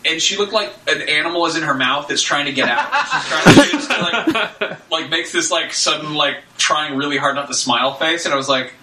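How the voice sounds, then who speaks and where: A man co-hosting a comedy podcast, telling a story in an animated, excitable way. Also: on the high side, a little fast. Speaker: podcast co-host. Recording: roomy, distant mic with faint noise.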